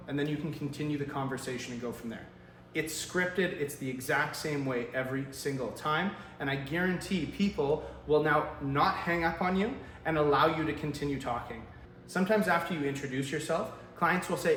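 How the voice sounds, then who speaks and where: A man with a fairly high voice coaches salespeople on phone calls. He is upbeat and direct and acts out sample greetings. He sounds like he is in an echoey room with a faint hum behind him. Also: fairly quick, a bit bright. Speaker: sales trainer. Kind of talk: direct-to-camera sales tips.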